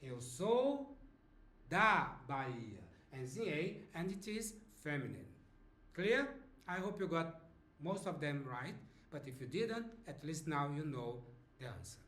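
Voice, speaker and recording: A man with a Brazilian Portuguese accent, a native Portuguese speaker, teaching a slow beginner language lesson and checking in often with his students. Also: on the high side, animated. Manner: drawls example phrases, checks in with "eh?" and "alright?". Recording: echoey room.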